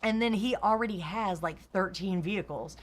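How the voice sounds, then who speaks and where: A woman's voice: mid-range voice, moderate pace. A woman streamer chatting casually, telling car stories and laughing often. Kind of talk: casual chat.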